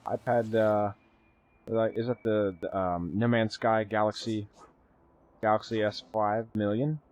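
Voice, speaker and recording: A man streaming live gameplay, chatty and excitable, thanking viewers and swearing casually as he plays. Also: fairly low pitch.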